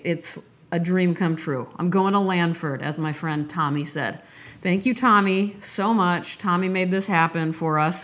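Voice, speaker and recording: Podcast host, woman, slightly low voice; candid and rambling solo chat. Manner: candid, rambling, animated swings in pitch. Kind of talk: casual monologue.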